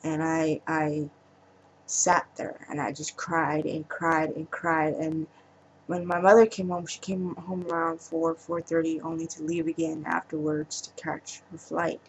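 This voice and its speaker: A woman speaking in a personal vlog monologue, halting and emotional, trailing off with pauses. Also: low-pitched, little pitch movement, a little hiss or hum, rough recording. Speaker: vlogger.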